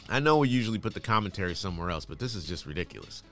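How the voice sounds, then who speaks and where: A sarcastic man reads out headlines and tosses off dismissive asides between them. His voice sits very low but swings widely in pitch. Faint music plays underneath. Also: sing-song, very fast, fairly bright tone. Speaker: news commentary host. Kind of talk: casual news commentary, reading headlines aloud.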